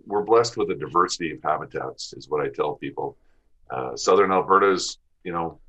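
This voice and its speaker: On the audio, which is dull, you hear a low-pitched man with a fairly bright tone. He's a Western Canadian podcast guest in a relaxed interview, running through hunting seasons, terrain and the places he goes.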